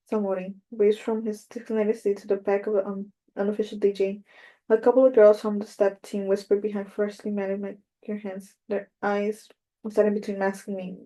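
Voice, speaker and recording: Narrating an audiobook told in the first person, this woman keeps her reading steady and measured. The tone is mellow and dark at a medium pitch, with intonation that barely moves between lines.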